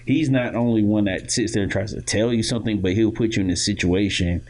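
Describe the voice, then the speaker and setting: A man's voice: on the low side, fairly quick. A young man from Florida, co-hosting a podcast and telling a childhood story in casual chat, full of fillers and restarts. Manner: animated, loud impressions of others in quoted lines. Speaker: podcast co-host.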